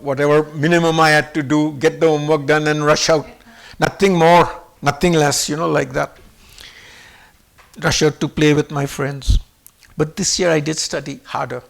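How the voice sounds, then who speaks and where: Man, 70s, from Pakistan; high, gravelly storyteller who animates every quote. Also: moderate pace. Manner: animated, acts out quoted speech with shifts in voice. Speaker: guest speaker. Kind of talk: personal storytelling.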